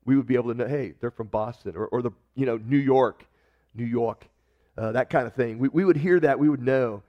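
Preaching man with lively acted quotes. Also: medium pitch, a little fast, highs cut off. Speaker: pastor. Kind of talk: sermon.

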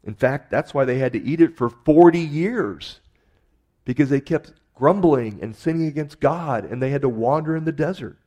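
Man preaching, mellow emphatic delivery. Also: fairly high pitch, animated, moderate pace. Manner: conversational preaching with emphatic rises. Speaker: pastor. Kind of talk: sermon.

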